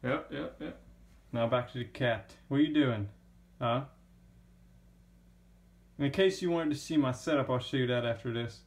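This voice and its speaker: Excitable young man vlogging. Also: medium pitch, moderate pace, long pauses. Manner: chatty and excitable, laughs often and repeats himself. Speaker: gaming vlogger. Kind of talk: casual handheld vlog.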